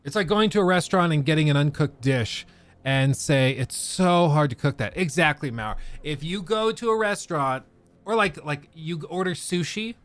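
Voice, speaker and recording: A man's voice: on the high side, moderate pace. A man hosting a casual livestream, ranting about games and answering chat. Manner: ranting, animated, reads chat aloud. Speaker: livestream host. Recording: faint music behind.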